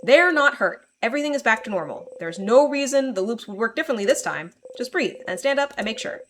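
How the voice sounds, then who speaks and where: A woman streaming a game, reading its narration aloud in an expressive, dramatic way and reacting. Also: fairly high pitch, fairly quick, slight background noise. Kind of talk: let's play narration and commentary.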